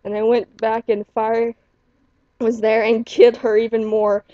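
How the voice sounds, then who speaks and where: A woman's voice: on the high side, level tone, a little slow. A woman in her living room, making up a scary story in long, rambling run-on sentences. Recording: dull lo-fi home recording.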